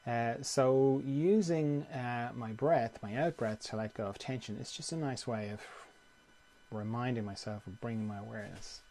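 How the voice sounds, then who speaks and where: A man teaching meditation in a calm, conversational way, often repeating phrases. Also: medium pitch, normal speed, soft background music. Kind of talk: guided meditation talk.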